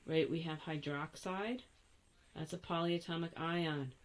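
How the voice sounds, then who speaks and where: An older woman walks through a chemistry lesson at an unhurried, slow pace. Her voice sits a little low, and she talks in a chatty, playful way, catching and fixing her own slips. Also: fairly even intonation. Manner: chatty, self-correcting, playful asides. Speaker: chemistry teacher. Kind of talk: recorded classroom lesson.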